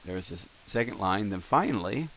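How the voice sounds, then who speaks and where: Male teacher, low-pitched, casual rambling lesson delivery, lots of fillers and restarts. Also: expressive, fairly quick, a bit bright, slight background noise, rough recording. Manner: rambling, self-correcting explanations with many fillers.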